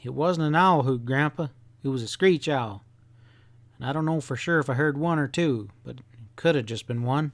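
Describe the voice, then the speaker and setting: A man's voice: mid-range voice, moderate pace, no echo, natural voice. A man voicing an earnest young farm boy who sounds anxious, in an audiobook. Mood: worried.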